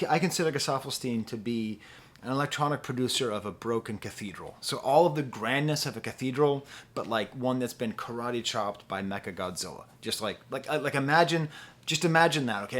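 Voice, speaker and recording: Young male reviewer, casual and rambling, playful, hums snippets mid-sentence, mid pitch. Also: a bit bright. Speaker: music reviewer.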